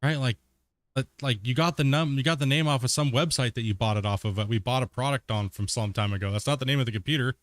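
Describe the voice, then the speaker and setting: A man casually talking while he streams a game, relaxed and rambling, often laughing. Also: mid-range voice, fast talker, no room sound. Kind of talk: casual live-stream commentary.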